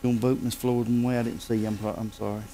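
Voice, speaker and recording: A man chairing a county council meeting, calling motions and votes in a brisk procedural way. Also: medium pitch, flat delivery, mellow, a little hiss or hum, poor audio.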